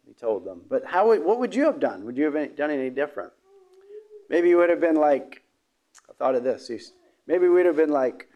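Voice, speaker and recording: A man preaching a sermon, halting, with many fillers and restarts, often clearing his throat. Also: fairly high pitch, very animated, mellow.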